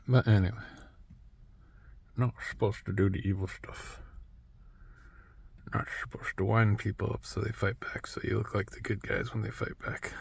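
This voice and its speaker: A man's voice: on the low side, level tone, normal speed, vocal fry, pauses often, breathy edge, no room sound. A man in his thirties talking in a rambling monologue, restarting his sentences and coughing between phrases. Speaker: vlogger.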